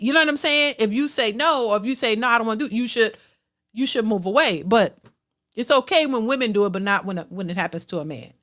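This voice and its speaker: A woman's voice: on the high side, a bit bright. A woman hosting a reaction channel, giving opinionated commentary that is full of restarts and stammers.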